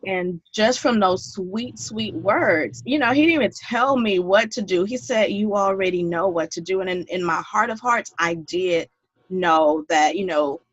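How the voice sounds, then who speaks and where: A woman's voice: medium pitch, moderate pace, dry recording. Woman, 30s, earnest guest storyteller, dry lo-fi recording. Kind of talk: podcast interview.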